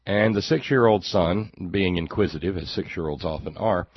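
A deep, husky man delivers a sarcastic talk-show monologue that rambles and stumbles over repeated words. His voice is dry and close, and the recording sounds dull and lo-fi. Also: moderate pace, few pauses, dry recording. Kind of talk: political commentary monologue.

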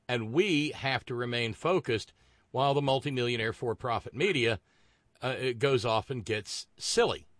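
A man hosting a casual, comedic political chat, telling a story with animated asides. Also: mid-range voice, dry recording, clean studio sound. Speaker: podcast host.

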